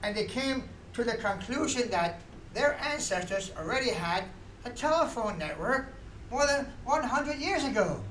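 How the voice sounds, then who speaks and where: A man's voice: very high-pitched, expressive, moderate pace, fairly bright tone, a little hiss or hum. A man telling a folksy comic story with punchlines, recorded in a radio studio. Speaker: folk musician and comic storyteller. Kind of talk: comic stage monologue. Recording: roomy studio echo.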